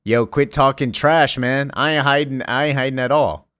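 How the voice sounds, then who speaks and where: A man's voice: mid-range voice, steady tone, normal speed, a bit bright, no echo, voice pushed up, natural voice. A man casually voicing a boastful male cosmic tyrant, mixing grand threats with slang. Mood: menacing.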